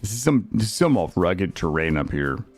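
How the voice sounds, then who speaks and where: A man streaming a game live, excitable, swearing and talking to his chat. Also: deep voice, normal speed, husky, faint music behind. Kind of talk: live gameplay commentary.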